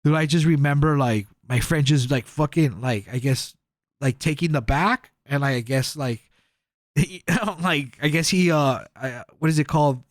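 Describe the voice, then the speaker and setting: Speaking at a moderate pace in a fairly high voice, a young man co-hosting a podcast tells a rambling, casual story full of fillers and swearing, acting out quotes as he goes. The recording is dry with clean studio sound.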